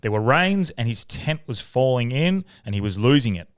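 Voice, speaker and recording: A man's voice: normal speed, smooth. A man co-hosting a casual podcast, reading listener stories aloud in an easygoing, sweary way. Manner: laid-back, sweary, reads stories in a low even tone. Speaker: podcast co-host.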